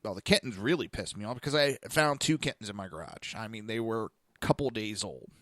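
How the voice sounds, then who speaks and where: A man's voice: lowish voice, brisk, fairly bright tone, no echo, studio quality. A man hosting a podcast, telling a blunt, profane story in a casual monologue. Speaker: podcast host. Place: lives in Florida.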